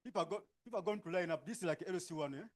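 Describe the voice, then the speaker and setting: High-voiced Ugandan man directing a workshop. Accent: Ugandan English. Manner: brisk, instructing, frequent tag questions. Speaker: workshop facilitator. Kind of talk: directing participants into groups.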